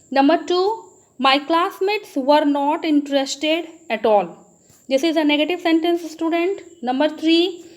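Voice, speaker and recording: In a high voice, a school teacher with an Indian English accent works through grammar, often speaking to the class and posing questions that she answers on her own.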